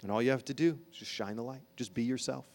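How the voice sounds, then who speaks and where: A man preaching a sermon as a pastor, impassioned, moving between emphatic lines and hushed ones. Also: mid-range voice, quick pace, creaky.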